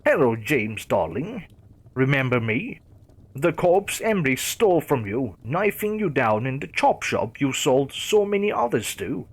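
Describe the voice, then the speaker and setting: A man's voice: mid-range voice, very animated, unhurried. A man voicing a sly female killer who gloats in a sing-song way. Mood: gloating.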